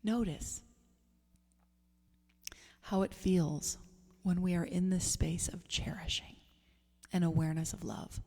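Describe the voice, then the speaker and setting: A woman minister giving a gentle, meditative sermon, soft and unhurried, sometimes sinking toward a whisper. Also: lowish voice, fairly even intonation. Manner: soft, slow, gentle, drifting into near whispers. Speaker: spiritual minister. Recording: long hall reverb, faint music.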